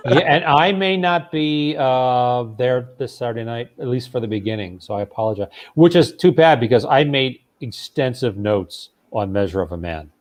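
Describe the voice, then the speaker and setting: A man's voice: medium pitch, lively intonation, moderate pace, few pauses. A man who is a guest on a casual chat, talkative and hesitant, full of you-knows. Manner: talkative, hesitant with fillers, slips into mock voices.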